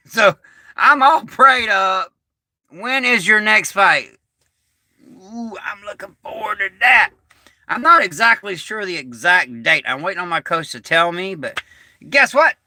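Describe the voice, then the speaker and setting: Middle-aged male livestream host, folksy storyteller, still getting over being sick, lively up-and-down delivery. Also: high-pitched, a little slow, no room sound, studio quality. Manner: folksy, rambling, animated. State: recovering from illness. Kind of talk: casual livestream chat.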